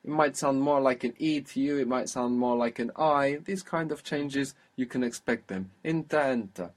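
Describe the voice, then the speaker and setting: A man's voice: mid-range voice, steady tone, normal speed. Patient male language teacher. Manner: patient, prompting and praising the learner. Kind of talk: guided spoken language lesson.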